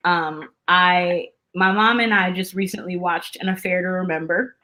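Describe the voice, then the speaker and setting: A woman's voice: on the low side, fairly even intonation, moderate pace, pushed and bright. A woman guest on a podcast, chatting in a bubbly way with lots of filler words. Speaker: actress guest. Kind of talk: casual chat.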